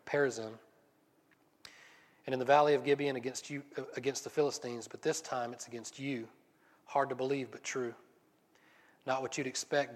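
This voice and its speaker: A man preaching a sermon, reading scripture passages aloud and then explaining them in a relaxed, conversational way. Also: medium pitch. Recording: long reverb.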